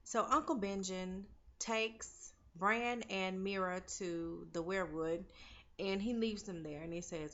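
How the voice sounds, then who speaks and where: A woman's voice: mid-range voice, slow pace, a bit bright, lo-fi sound. A young woman casually recapping a TV episode, chatty and opinionated, talking to viewers like friends. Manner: chatty and opinionated, talks to viewers as "girl" and "y'all". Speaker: TV recap vlogger.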